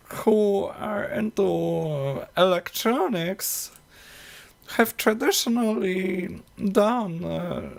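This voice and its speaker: A woman talks very slowly on her electronics live stream, with a gravelly edge to her voice. She halts often, restarts her sentences and fills the gaps with "uh". A tickly cough hangs over her voice. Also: mid-range voice. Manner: halting, many fillers and restarts, frequent laughs. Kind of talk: casual live-stream chat.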